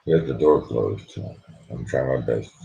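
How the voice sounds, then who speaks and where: A sleepy man hosting a late-night livestream, talking quietly and rambling so he won't wake anyone at home. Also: a bass voice, measured pace, gravelly, lo-fi sound. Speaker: livestream host.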